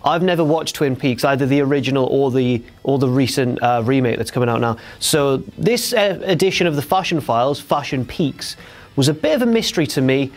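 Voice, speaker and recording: A young man, chatting casually as host of a wrestling recap, jokey and quick to slip into silly impressions. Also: mid-range voice, expressive.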